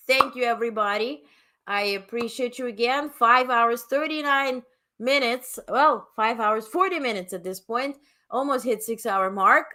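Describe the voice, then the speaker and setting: A woman's voice: a little high, pushed and bright. A woman with a non-native English accent hosting a live stream, talking bluntly and reading viewers' chat comments aloud. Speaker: livestream host.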